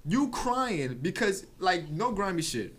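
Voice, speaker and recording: A man's voice: sits high, big pitch swings, measured pace, a bit bright, slight background noise. A man, co-hosting a podcast in casual chat, telling stories loosely with restarts and swearing. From New York. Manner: storytelling, rambling with restarts and swearing. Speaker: podcast co-host.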